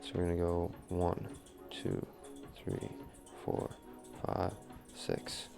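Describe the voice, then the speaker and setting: A man's voice: deep voice, monotone, slow pace, gravelly, music in the background. A man teaching wheel-throwing as he works, talking through each step and counting pulls under his breath. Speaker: pottery instructor. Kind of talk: live throwing demonstration.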